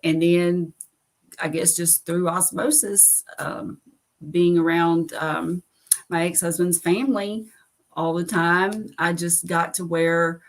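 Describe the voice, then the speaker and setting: A woman's voice: fairly low pitch, fairly even intonation, takes it slowly. A middle-aged woman with a Southern accent hosting a live stream, telling stories in a rambling, self-amused way. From United States. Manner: rambling, many fillers, laughs at herself. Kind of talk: casual chat on a live stream.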